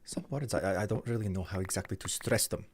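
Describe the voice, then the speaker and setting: Talking fast in a low-pitched voice, a man livestreams and chats informally with his viewers. He hesitates a lot, restarts his sentences, and repeats words, and there is a little hiss or hum.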